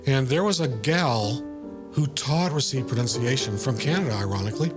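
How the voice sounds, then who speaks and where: Brief: mid-pitched man musing over a video call, rambling and halting as he gives his writer's notes. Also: expressive, music in the background. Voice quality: discursive, halting, many fillers. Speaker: writer and director. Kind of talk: video-call creative discussion.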